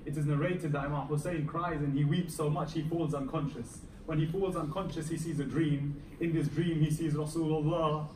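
A man preaches a Muharram sermon in a mosque hall, his fairly high voice swelling and dropping with feeling. He is picked up from a distance, so the hall's echo rings around every phrase, with a faint hum of the room underneath. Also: steady tone, normal speed, hardly any pauses. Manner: dramatic, rising and falling intensity. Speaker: Muharram lecturer. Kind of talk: emotional sermon storytelling. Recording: echoey hall, recorded from far off, faint ambience.

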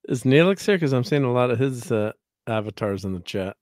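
A man's voice: medium pitch, animated, fairly quick, a little mellow, no room sound, studio quality. A man co-hosting a live stream, chiming in with brief agreements and greetings. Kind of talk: casual live-stream chat.

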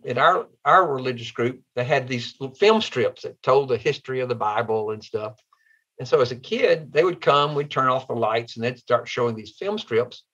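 A man's voice: medium pitch, a bit bright, lo-fi sound. A man, a guest author telling heartfelt, folksy stories in an interview. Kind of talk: interview storytelling.

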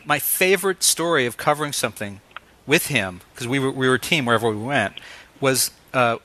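Bright-voiced man hosting an interview. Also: mid-range voice, fairly quick, a little hiss or hum. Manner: animated storyteller, laughs often. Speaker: host. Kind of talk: casual interview chat.

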